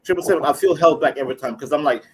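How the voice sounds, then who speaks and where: A man's voice: fairly high pitch, racing, a little hiss or hum. Rowdy, repetitive man on a live stream. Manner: rowdy, repetitive, often trails off into mumbles. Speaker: panelist. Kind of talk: casual live-stream chat.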